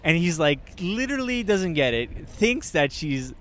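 A man's voice: fairly high pitch, measured pace, a little hiss or hum. A man co-hosting a podcast outdoors, telling a story with lots of laughter. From Montreal. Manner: animated storyteller, laughs often. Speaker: podcast co-host. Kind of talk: casual outdoor chat. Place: outdoors in an old port.

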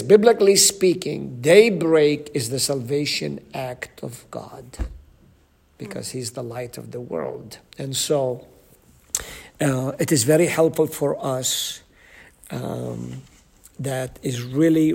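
A man leading a Bible study group, teaching slowly with many ums and asking the group questions. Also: medium pitch, gravelly, darkish tone, husky.

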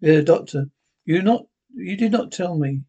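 A man with a husky voice reading the lines of a blunt young warrior woman, naming her before each line. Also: a little high, animated, moderate pace, mellow, lo-fi sound. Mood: questioning. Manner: reads the character's name before each line.

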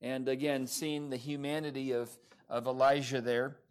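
A man's voice: mid-range voice, little pitch movement, moderate pace, darkish tone, clean tone. A man preaching a sermon at a church service, talking in a conversational way with many fillers and restarts. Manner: conversational, many fillers, self-described sarcastic. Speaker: pastor. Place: church in Oklahoma.

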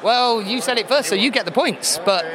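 A man hosting a live quiz show in a deadpan, sarcastic way, slightly hoarse as he loses his voice. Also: high voice, normal speed, a crowd in the background. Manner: deadpan sarcasm, teasing the audience.

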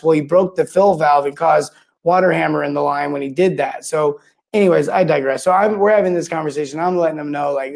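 A man's voice: on the high side, fast talker, vocal fry, a little mellow. A man hosting his own show, telling a rambling, worked-up story in casual monologue with many restarts. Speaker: podcast host. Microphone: own mic and camera.

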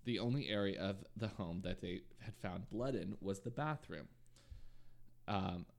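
A man hosts a true crime podcast and tells the case in a relaxed, conversational way, sprinkling in ums and side remarks. His voice is low and gravelly with plenty of vocal fry. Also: a little slow. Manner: relaxed narration with frequent ums and asides. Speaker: podcast host.

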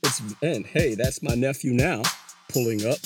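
A vlogger giving a casual monologue commentary. The delivery is animated and sing-song, full of slang, rhetorical questions and repeated words. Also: mid-range voice, normal speed. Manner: slangy, says "yo" and "you know" often. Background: hip hop music.

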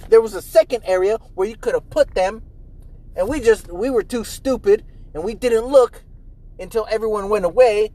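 A young man talks alone in his parked car, swearing freely as he rambles about work. His voice sits fairly high, and he keeps breaking into loud, excitable bursts. The sound is casual and close, like a phone propped up in the car. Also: moderate pace, low-quality recording. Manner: animated, profane, jumps into loud high mimicry. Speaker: podcast host. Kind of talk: casual solo podcast rant. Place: inside a car.

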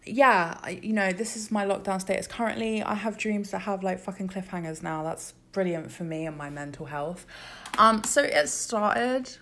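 A young woman telling a story to camera in a casual, animated way, swearing freely and acting out the voices in it. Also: moderate pace. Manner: acts out quoted voices with big pitch jumps. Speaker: vlogger.

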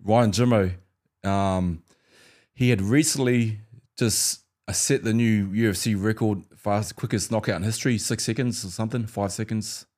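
In a relaxed interview, this guest, a man who used to fight in the UFC and comes from New Zealand, recounts fights with lively energy, voicing the back-and-forth and breaking into laughter. He speaks at a normal rate in a lowish voice.

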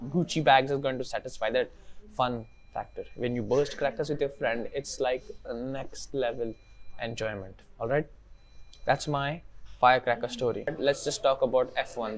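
A young man from India hosting a podcast, telling a story casually and acting out the people he quotes. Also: medium pitch. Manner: animated, acts out quoted people. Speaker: podcast host.

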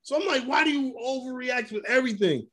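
A man co-hosting a casual sports podcast, telling animated stories and acting out what people said. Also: very high-pitched, fairly quick. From Brooklyn. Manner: animated storytelling, acting out quotes. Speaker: podcast co-host.

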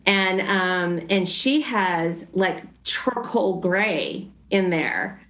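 A woman's voice: mid-range voice, expressive, very slow, fairly bright tone. A woman in her fifties speaks as a guest on a design podcast. She sounds agreeable and easygoing and uses lots of fillers. Her voice carries a roomy echo. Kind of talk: casual interview chat.

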